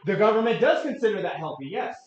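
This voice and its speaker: A man in his late thirties presenting a real estate market update to a room, energetic and quizzing the audience. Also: high-pitched, fast, crowd noise. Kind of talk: interactive office presentation. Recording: echoey room, dull lo-fi sound.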